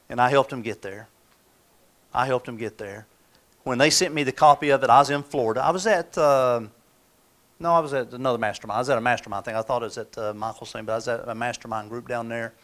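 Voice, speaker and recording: Speaking at medium pitch with a slightly bright tone, a middle-aged motivational speaker tells folksy stories in a live talk. He acts out the voices of the people he quotes.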